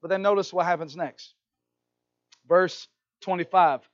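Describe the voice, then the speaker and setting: A man preaching a sermon in a church, animated and playful, often checking in with the crowd with "right?". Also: sits high, unhurried, dull audio, soft background music. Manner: animated, playful asides, keeps asking "right?". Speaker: pastor. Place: church hall.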